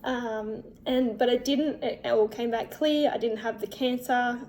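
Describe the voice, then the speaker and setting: A young woman telling her personal story in a vlog, emotional and halting, with many fillers and restarts. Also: a little high, fairly even intonation, a little mellow. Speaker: vlogger.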